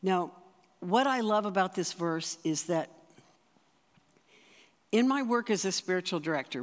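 An earnest speaker preaching in a relaxed, conversational way, stumbling and restarting phrases as ideas come. The voice sits in a middling pitch. A long reverb trails each phrase, as in a large church. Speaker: spiritual director giving a talk. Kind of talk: sermon.

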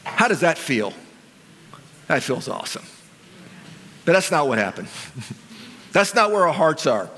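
High-voiced preacher in a reverberant hall. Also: male voice, big pitch swings, measured pace, long pauses, pushed and bright, a little hiss or hum. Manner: conversational, asks the audience questions. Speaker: pastor. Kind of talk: sermon. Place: church sanctuary. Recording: long reverb of a large hall.

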